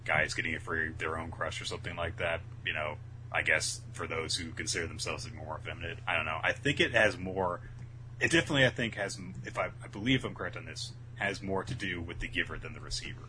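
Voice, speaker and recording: A man with a low voice chats casually on a podcast, retelling comic scenes in a relaxed way with quick voices for the characters. A faint hum sits under his voice. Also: low-quality recording. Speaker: podcast co-host. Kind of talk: casual chat recapping a manga.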